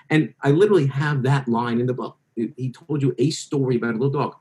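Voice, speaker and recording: A man who is an author, telling lively anecdotes as a guest in an interview and quoting other people in their voices. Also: mid-range voice, fast talker, few pauses, slight background noise. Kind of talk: interview storytelling.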